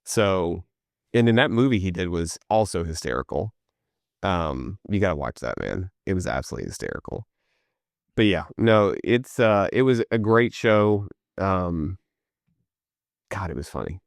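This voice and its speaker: A man from East Tennessee, co-hosting a casual podcast chat and telling animated stories peppered with "like." His low voice sits close and dry on the mic. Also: moderate pace, vocal fry, dry recording. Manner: animated storyteller, lots of "like". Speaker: podcast co-host.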